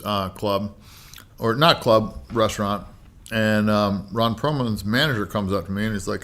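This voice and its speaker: A man's voice: on the low side, a bit bright. A man in his thirties telling a rambling, profane story as a podcast guest, full of "like" and "you know". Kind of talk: casual storytelling.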